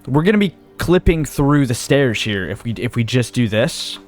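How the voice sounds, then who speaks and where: A man's voice: medium pitch, sing-song, moderate pace, soft background music. A young man giving casual let's-play commentary, thinking aloud and talking himself in and out of ideas as he goes. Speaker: gaming video host.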